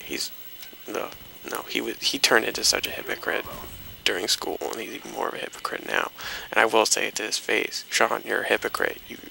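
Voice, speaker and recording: A man's voice: lowish voice, flat delivery, fairly quick, creaky, sharp tone, a little hiss or hum, low-quality recording. A young man telling a rambling story with plenty of swearing as he talks over gameplay. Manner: rambling, swearing, loose anecdotal delivery. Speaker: gaming commentator.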